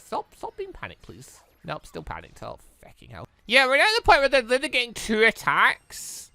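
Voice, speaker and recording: Male let's-player, lively pitch, tense bright tone, cursing and grumbling at the screen. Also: no echo. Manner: exasperated, swears often, talks to the game. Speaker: gaming YouTuber. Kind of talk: let's-play commentary.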